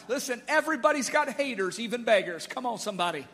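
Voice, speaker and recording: A man's voice: very high voice, lively intonation, a little fast, hardly any pauses, pushed and bright. A man pastor preaching a sermon in emphatic style, calling out to his congregation in a church sanctuary. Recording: long reverb of a church hall.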